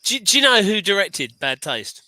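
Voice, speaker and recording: A man's voice: high-pitched, very animated, moderate pace, sharp tone, dry recording. A man co-hosting a casual livestream chat, enthusiastic and rambling, with many restarts. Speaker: livestream co-host.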